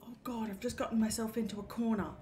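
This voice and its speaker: A woman's voice: on the high side, fairly even intonation, quick pace, background noise. A woman streaming a horror game, jumpy and swearing, chatting to the game's characters. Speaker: gaming streamer. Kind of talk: live horror game commentary.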